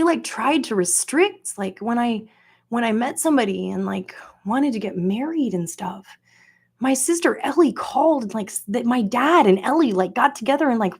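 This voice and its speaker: A woman's voice: a little high, husky. A woman from Florida hosting a podcast, rambling through a profane, venting personal monologue packed with filler words. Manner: venting, incredulous. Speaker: podcast host.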